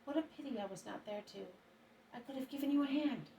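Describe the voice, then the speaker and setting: A woman's voice: sits high, fairly quick, vocal fry, mellow, pitched above the performer's own voice. A woman doing an outraged male apostle. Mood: indignant. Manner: indignant, emphatic. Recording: roomy, distant mic, faint hiss.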